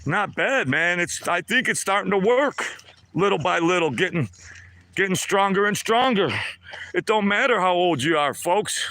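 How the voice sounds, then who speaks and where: A man's voice: high voice, animated, moderate pace, pushed and bright, no echo. A man in his sixties talking to himself as he walks outdoors on a lakeside trail, chatty and upbeat, streaming live to viewers. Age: 60s. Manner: talks to himself while walking, chatty and upbeat. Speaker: vlogger. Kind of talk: live walking vlog.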